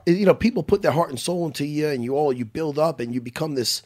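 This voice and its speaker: A man, a jiu-jitsu instructor telling profane, animated stories as a podcast guest. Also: on the high side, fast talker. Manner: animated, profane, lively storytelling. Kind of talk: casual chat.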